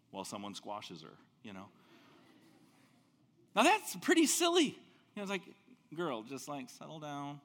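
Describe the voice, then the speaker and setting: Pastor guy preaching, voice jumps all over, kinda high, big echoey hall. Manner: animated storytelling, big swings in pitch and loudness. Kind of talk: sermon.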